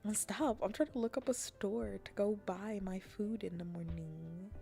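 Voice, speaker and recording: A woman streamer chatting casually with her viewers in a soft, half-whispered voice, slipping into playful mock-taunting teases. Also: medium pitch, normal speed, gravelly, soft background music. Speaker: streamer hosting a chat stream. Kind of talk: soft-spoken casual chat.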